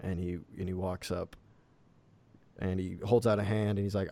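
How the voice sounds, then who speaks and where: Casual male game master, low mellow voice, dry close sound. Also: flat delivery, normal speed, long pauses, no room sound. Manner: casual, filler-heavy narration. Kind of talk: narrating a tabletop game.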